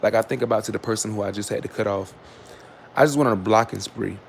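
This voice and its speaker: A man's voice: on the low side, quick pace, creaky, a little hiss or hum. A man hosting his own livestream, talking casually and candidly to his chat, rambling with fillers and restarts, sarcastic, sometimes scolding commenters. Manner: switches to loud scolding of commenters. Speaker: livestream host.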